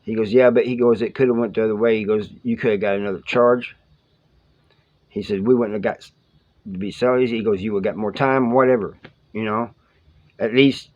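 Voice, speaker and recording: A man's voice: fairly low pitch, fairly even intonation, normal speed, long pauses. A man who served time telling his prison stories in a casual, rambling way, full of slang, acting out the lines of the people he talks about. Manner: rambling, colloquial, quotes others in dialogue. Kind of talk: casual storytelling to camera. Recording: slightly dull lo-fi audio.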